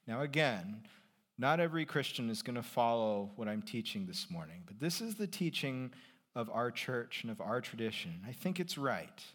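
Conversational male pastor preaching a sermon. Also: normal speed. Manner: conversational and lively, rising in pitch and volume for emphasis.

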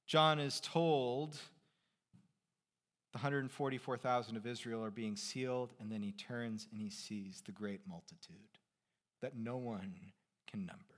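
A middle-aged man preaching a sermon as pastor, conversational, asking rhetorical questions and shifting between quiet asides and emphatic points. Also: mid-range voice, a little slow.

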